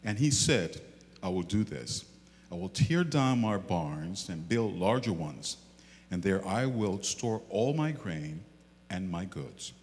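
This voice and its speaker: A man from the congregation reading a scripture passage aloud in a steady, careful way. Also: low-pitched, slow pace. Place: church sanctuary. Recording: distant voice in echoey hall with faint music.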